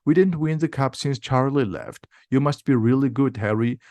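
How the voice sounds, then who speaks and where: A man's voice: mid-range voice, moderate pace, warm tone, no room sound, muffled recording, natural voice. A cheerful, confident teenage boy, one of a pair of twins, as a man reads his lines. The voice is close to the reader's own and dry.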